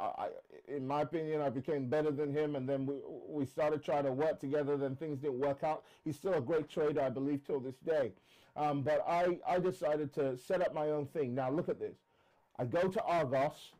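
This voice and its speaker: A man, a trading mentor, telling a personal story in an animated monologue and acting out the people he quotes. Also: rough recording. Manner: acts out quoted callers with shifts in pitch, emphatic repetition. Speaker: trading mentor speaking to camera.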